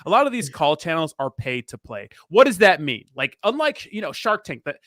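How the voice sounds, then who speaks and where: A man's voice: a little high, big pitch swings, brisk, a bit bright, no room sound, studio quality. A man in casual podcast chat, brash and emphatic, swearing freely.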